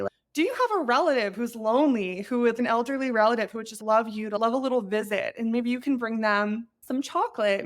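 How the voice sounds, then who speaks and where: Earnest chatty woman giving advice. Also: a little high. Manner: earnest, chatty, emotional at times. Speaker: podcast host. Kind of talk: advice podcast monologue.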